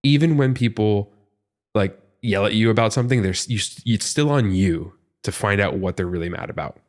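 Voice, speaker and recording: A man's voice: on the low side, moderate pace. A man talking in a casual podcast discussion, earnest and frustrated, rambling with lots of "like" as he makes his point. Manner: animated, rambling, heavy use of "like". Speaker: podcast panelist.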